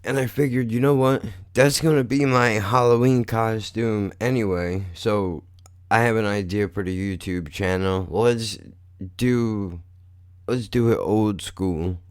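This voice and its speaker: A man's voice: lowish voice, steady tone, unhurried, clean tone, no echo, clean studio sound. A man hosting his own podcast in a blunt, profane, rambling monologue. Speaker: podcast host. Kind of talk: casual monologue.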